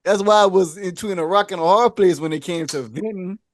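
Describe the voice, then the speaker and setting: High-voiced man telling animated stories. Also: a little fast, dry recording, studio quality. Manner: animated storytelling, acts out quoted voices. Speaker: podcast co-host. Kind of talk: casual chat.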